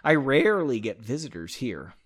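A man's voice: medium pitch, sing-song, moderate pace, slightly rough. A man voicing an airy, friendly, otherworldly woman spirit in a read-aloud story. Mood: gentle airy.

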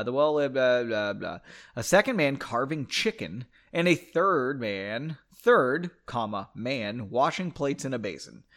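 A man's voice: medium pitch, fairly bright tone. A man reading his own story aloud, breaking off for joking asides and self-corrections. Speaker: reader of his own book.

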